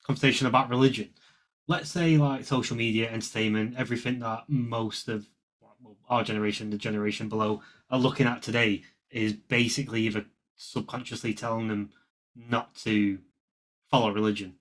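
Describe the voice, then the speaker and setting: A man co-hosting a podcast discussion, talking in a halting way and searching for words. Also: on the low side, fairly even intonation, fairly bright tone. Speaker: podcast co-host. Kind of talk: casual discussion.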